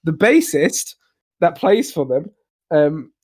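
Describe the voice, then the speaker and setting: A man's voice: a little high, very animated, slow, darkish tone. A young man co-hosting a casual album review chat, rambling and hesitant, swearing and laughing often. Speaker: podcast co-host reviewing albums. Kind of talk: casual banter.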